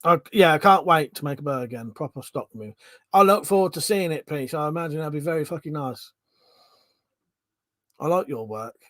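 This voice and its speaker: A man with a Home Counties English accent hosts a relaxed livestream, rambling brisk and chatty, reading out viewer comments, chuckling often, and swearing casually. His voice sits a little higher than most men's, recorded close and dry with no room echo.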